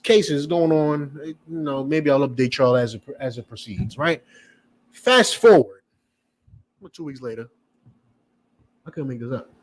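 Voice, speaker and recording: This preacher and teacher has a mid-range, animated voice and a measured pace broken by frequent pauses. His lecture is fiery and full of swearing, and he keeps circling back to his points while asking the audience pointed questions, all with great emphasis.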